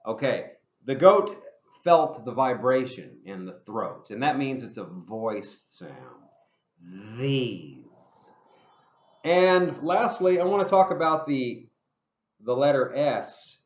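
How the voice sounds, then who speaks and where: Male English teacher, slow deliberate drilling delivery, roomy room sound. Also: mid-range voice, lively intonation. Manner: slow, deliberate modeling of sounds, spelling words out and repeating drill phrases. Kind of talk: pronunciation lesson. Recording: roomy, slightly dull recording.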